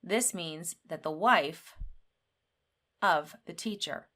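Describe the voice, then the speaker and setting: Woman teacher, lowish voice, unhurried and deliberate delivery for learners. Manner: slow, clear, deliberate explanations with lively example sentences. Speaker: English teacher. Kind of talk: scripted grammar lesson.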